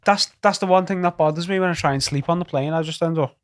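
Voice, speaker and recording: A low-voiced woman trading blunt, sweary banter as a podcast co-host. She reacts in short bursts and talks casually. Her pitch sits well below most women's. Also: fast talker. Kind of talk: casual comedic chat.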